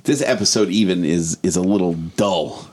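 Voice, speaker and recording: A man's voice: deep voice, moderate pace, darkish tone. A man co-hosting a casual podcast, laughing and rambling through stories. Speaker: podcast co-host. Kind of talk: casual banter.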